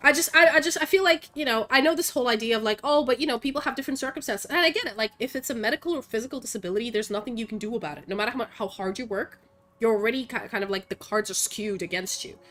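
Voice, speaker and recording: A woman's voice: fairly high pitch, very fast. Blunt, profane young woman streamer. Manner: blunt, profane, animated, lots of fillers. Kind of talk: casual opinionated rant while gaming.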